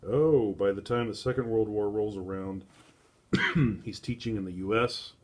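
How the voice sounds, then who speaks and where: A man's voice: on the low side, a little slow. A man streaming live, musing casually over estate sale art listings and wandering off into tangents, with many fillers. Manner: rambling, thinking aloud with many fillers.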